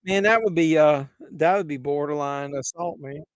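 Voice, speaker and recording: A man's voice: fairly high pitch, moderate pace, smooth, no room sound. A man hosting a live chat stream, teasing viewers with crude jokes and laughing at his own punchlines. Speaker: livestream host.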